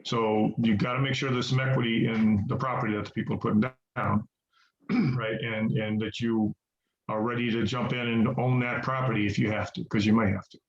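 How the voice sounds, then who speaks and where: A man's voice: on the low side, flat delivery, a little fast. A man leading a real estate investing training on a group call. He talks in a folksy, chatty way, repeats words for emphasis and calls his listeners guys. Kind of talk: conversational teaching on a group call. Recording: roomy, muffled call audio with faint hiss.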